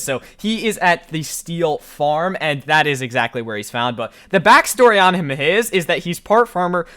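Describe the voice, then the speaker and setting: A man with a slightly higher-pitched voice narrates a video game guide as a casual walkthrough. He keeps it chatty and talks straight to his viewers, dropping in small asides. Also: a bit bright. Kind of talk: casual gameplay walkthrough voice-over.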